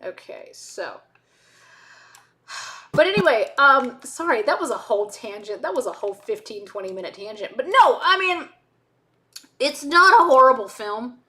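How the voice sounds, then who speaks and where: A woman with a fairly high, animated voice chats casually on a stream while editing. She drifts into tangents and cuts herself off with quick asides, with her pitch bouncing around as she goes. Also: faint music behind. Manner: rambling, tangent-prone, frequent self-interrupting asides.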